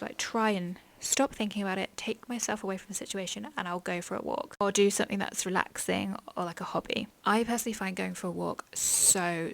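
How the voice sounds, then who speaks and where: A woman's voice: mid-range voice, creaky, fairly bright tone. A young woman hosting a podcast, chatting candidly about her mental health in a rambling, frank way, full of likes and ums. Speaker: podcast host.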